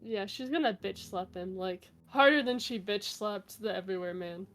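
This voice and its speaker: A woman's voice: medium pitch, moderate pace, a bit bright. A woman playing a tabletop game, talking casually with many laughs and fillers. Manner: giggly, casual, lots of fillers. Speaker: player.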